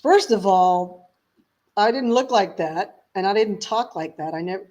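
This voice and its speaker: Lady singer on an interview, chatty and laughy, tells stories, kinda mid-pitched voice. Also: a little slow. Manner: lively, chatty storyteller who laughs often. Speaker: singer guest. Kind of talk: casual interview chat.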